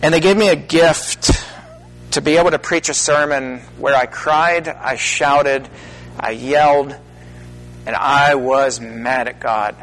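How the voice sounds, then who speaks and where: A middle-aged minister speaking earnestly to an audience, with halting pauses that build into emphatic stresses. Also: male voice, medium pitch, fairly even intonation, fairly bright tone, slight background noise, rough recording. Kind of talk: personal testimony talk to an audience.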